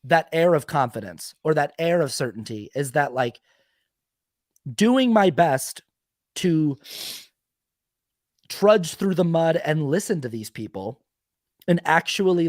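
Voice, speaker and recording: Animated man chatting on a podcast. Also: fairly high pitch, no echo, clean studio sound. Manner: animated, self-correcting, emphatic. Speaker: podcast guest, sketch video maker. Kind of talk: casual conversation.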